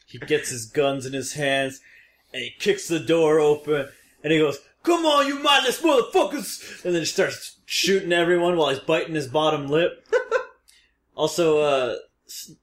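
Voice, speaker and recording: A man co-hosting a casual podcast, dropping dry one-liners and retelling movie scenes. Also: medium pitch. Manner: dry quips, animated retelling. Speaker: podcast co-host.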